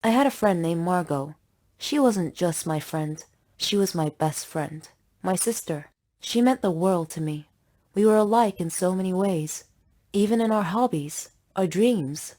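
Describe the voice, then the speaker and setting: A young woman narrating her own story in a steady, earnest scripted read. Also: fairly low pitch, measured pace. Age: young adult.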